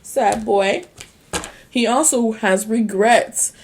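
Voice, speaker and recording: This tarot reader, a woman, has a slightly high voice, and there's a little hiss or hum in the recording. She reads the cards casually with a sassy, slangy bluntness, cursing without restraint, laughing often and stretching out her speech.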